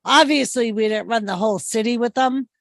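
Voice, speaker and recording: A chatty woman with a Boston accent tells stories in an easy livestream chat. Her voice sits a little high. The sound is dry and close, with no room around it. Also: a little fast, gravelly, fairly bright tone, dry recording. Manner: chatty storyteller, acts out quotes. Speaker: co-host.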